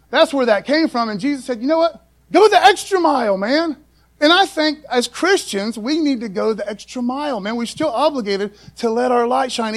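High-voiced casual preacher man. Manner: casual, folksy preaching with many asides. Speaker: pastor. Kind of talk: sermon.

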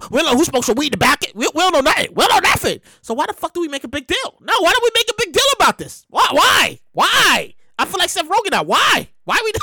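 A podcast host rants in a comedic monologue, his voice swinging wildly up and down. He talks in a high, sharp register, repeats himself for effect and swears freely. The recording is close and dry. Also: no echo. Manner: animated, repetitive, profane. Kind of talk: ranting comedic commentary. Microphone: podcast mic.

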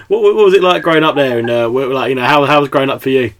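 A young man hosting a podcast chats casually in a fast, mid-range voice. His talk rambles, packed with fillers and laughter.

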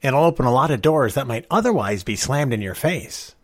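A man's voice: medium pitch, lively intonation, brisk, no echo, clean studio sound, pitched above the performer's own voice, close to an everyday voice. A man voicing a stout, kindly older male stranger who speaks easily and persuasively. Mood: patient coaxing. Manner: easy, gently persuasive, gleeful bursts.

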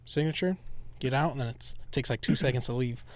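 A man's voice: mid-range voice, fairly quick, no room sound. Casting: easygoing guy, coworker giving tips, mid-range voice. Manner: relaxed, explaining tips step by step. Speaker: delivery driver. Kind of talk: casual chat with coworkers.

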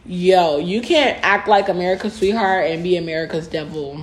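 A woman's voice: lowish voice, normal speed. A woman co-hosting a podcast, blunt and conversational, reading out facts and telling stories. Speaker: podcast co-host. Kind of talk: casual chat.

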